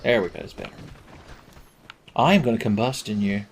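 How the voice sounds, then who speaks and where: A man's voice: medium pitch, lively intonation, moderate pace, a little hiss or hum. A man giving let's play commentary, sarcastic and profane, rambling from joke to joke. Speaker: game commentator.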